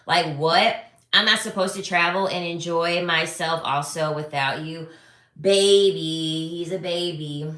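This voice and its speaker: A woman's voice: on the low side, a little slow. A young adult woman giving blunt, sassy relationship commentary, talking casually to her viewers. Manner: blunt, animated, sassy, swears freely. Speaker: relationship advice creator. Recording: echoey room.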